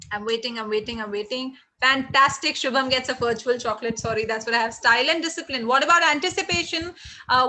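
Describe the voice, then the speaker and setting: Energetic Indian woman teaching online. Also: high voice, rough recording. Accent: Indian English. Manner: energetic, encouraging, reads chat aloud. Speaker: hospitality trainer. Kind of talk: live online training session. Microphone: video call.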